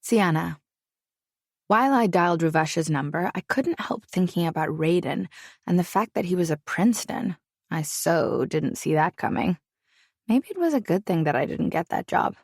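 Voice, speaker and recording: A woman narrating a romance audiobook in first person, wry and expressive. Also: fairly low pitch, moderate pace, vocal fry, dry recording, clean studio sound.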